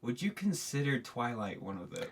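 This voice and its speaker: A man's voice: medium pitch, very animated, moderate pace, slight background noise. A young man co-hosting a casual film podcast, emphatic and repeating his point with a laugh. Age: young adult. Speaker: podcast co-host.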